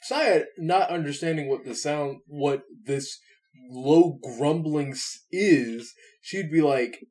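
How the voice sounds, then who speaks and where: A man playing a tabletop game who talks his dice rolls through deliberately. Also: a little high, darkish tone. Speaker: player.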